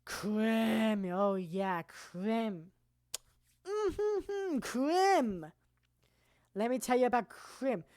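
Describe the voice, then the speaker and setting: A woman streamer presents anime awards in a casual, rambling, profane style, occasionally breaking into loud shouts. Her voice is medium-pitched and slow with few pauses, recorded at studio quality with no room sound.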